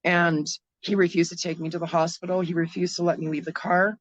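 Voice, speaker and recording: A woman's voice: lowish voice, level tone, dry recording, lo-fi sound. Canadian woman telling her story plainly. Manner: frank, halting, many fillers and restarts. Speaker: guest. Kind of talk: interview, personal story.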